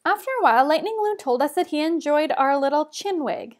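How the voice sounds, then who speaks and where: High-voiced woman reading to kids. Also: expressive, fairly quick, hardly any pauses. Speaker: teacher reading aloud. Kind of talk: children's book read-aloud.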